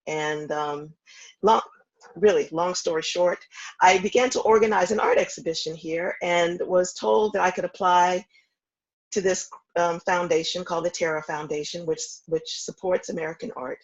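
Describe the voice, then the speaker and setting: A woman in her fifties from the American South, a foundation founder calmly recounting her story in a remote interview, with steady ums. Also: fairly low pitch, lo-fi sound. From Houston, Texas. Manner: measured, reflective storytelling with frequent ums.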